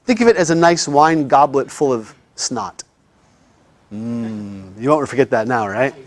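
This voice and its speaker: A man's voice: medium pitch, animated, normal speed. A man teaching a classroom lecture in a chatty way, often checking in with his students.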